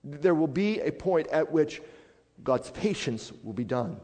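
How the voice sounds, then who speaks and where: A man preaching a sermon as a pastor, swinging from hushed, quiet passages up to loud, emphatic declarations. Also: fairly high pitch, lively intonation, a little slow. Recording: long hall reverb.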